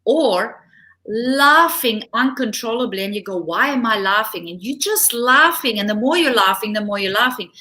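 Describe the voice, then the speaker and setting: A middle-aged woman guest, a relationship coach, talks through personal stories in a casual interview. Her voice is bright and ringing, and she laughs easily as she goes. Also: medium pitch. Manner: animated storytelling, laughs often.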